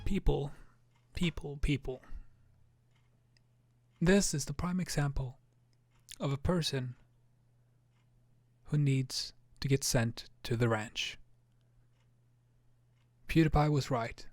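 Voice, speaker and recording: A man's voice: on the high side, a little mellow. A young man reading a story aloud and commenting with wry reactions. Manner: wry, quick reactions and laughs.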